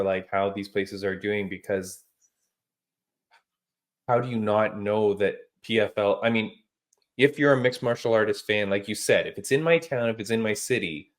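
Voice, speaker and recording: A man hosting a casual podcast chat, telling stories in an animated, emphatic way with casual slang. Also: on the low side. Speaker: podcast host.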